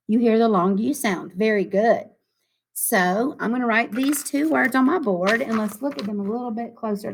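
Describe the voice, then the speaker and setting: A woman teaching a phonics lesson to young children, with an encouraging, sing-song classroom manner and slowly drawn-out words. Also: on the high side.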